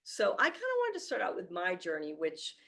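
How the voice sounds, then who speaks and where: A woman speaking to a live audience in a room, earnest and warm, with fillers and restarts. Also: fairly low pitch, wildly swooping pitch, brisk, creaky. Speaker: author giving a book talk. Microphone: handheld or stand mic.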